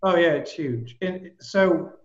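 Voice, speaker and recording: A man with a notably high voice tells his story with animated energy and casual bluntness. The sound is roomy and a bit muffled. He speaks as a guest on a casual chat. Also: slow pace. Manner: animated, vivid storyteller who swears casually. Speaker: guest, personal trainer.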